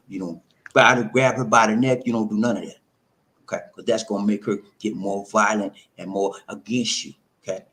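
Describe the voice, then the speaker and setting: With a fairly low-pitched voice, a man hands out relationship advice in an emphatic, preachy monologue. He repeats himself and addresses his listeners as "man."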